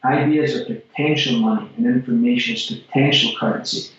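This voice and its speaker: A man's voice: mid-range voice, very animated, fairly quick, fairly bright tone. A Scottish man and regular segment host giving an emphatic motivational monologue about fitness business, repeating key phrases for punch. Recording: very echoey, distant, dull-sounding room.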